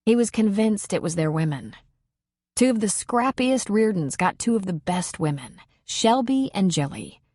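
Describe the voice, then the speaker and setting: A woman narrating a novel as an audiobook in a measured, even storytelling voice. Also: fairly low pitch, dry recording, clean studio sound. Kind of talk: scripted narration.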